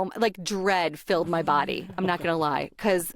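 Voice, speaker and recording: A woman's voice: medium pitch, unhurried, no echo, studio quality. A young American woman, a voice actor, telling a funny work story in a bubbly way and laughing often. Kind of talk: casual storytelling.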